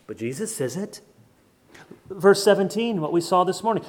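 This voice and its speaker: A man preaching a sermon, firing rhetorical questions and swinging between loud emphasis and hushed asides. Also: high voice, sing-song, moderate pace. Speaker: pastor.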